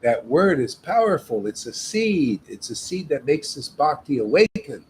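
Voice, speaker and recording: A man's voice: a little high, big pitch swings, moderate pace, slight background noise, low-quality recording. A man leading a devotional meetup, preaching in an emphatic, casual way and often tagging his sentences with "man". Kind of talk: informal devotional sermon.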